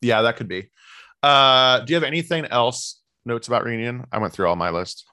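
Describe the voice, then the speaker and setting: A man co-hosting a podcast, recapping a reality show in relaxed, rambling casual chat full of fillers. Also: mid-range voice, moderate pace, smooth, no room sound, clean studio sound. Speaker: podcast co-host.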